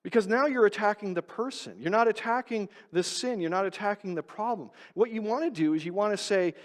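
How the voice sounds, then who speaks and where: A male pastor giving an emphatic sermon, pushing his stresses loud and then dropping to quiet, low asides. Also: a little fast, few pauses, in a large hall. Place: church sanctuary.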